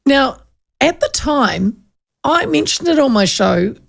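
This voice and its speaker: Creaky-voiced New Zealand woman host. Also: sits high, big pitch swings, takes it slowly. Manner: chatty storyteller, laughs often. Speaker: radio host. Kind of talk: casual chat.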